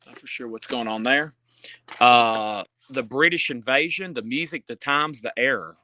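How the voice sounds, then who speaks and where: A man sells books on a live stream from inside a store, filming on a handheld phone and reading out titles and prices with chatty asides. He sounds out of breath, and his mid-range voice is bright and forceful at normal speed.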